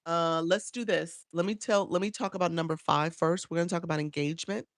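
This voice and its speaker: A woman's voice: fairly low pitch, fairly even intonation, a little fast, no room sound. A woman coaching live streamers, chatting casually and answering viewers by name, often repeating herself. She talks into a phone.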